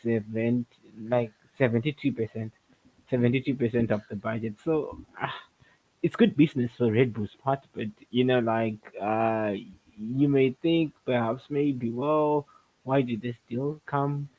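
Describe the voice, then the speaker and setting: A man's voice: medium pitch, a little slow, dark tone, no room sound, rough recording. A man chatting casually on a livestream, hesitant, with lots of fillers and some laughter. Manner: hesitant, many fillers, laughs between points. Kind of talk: casual chat.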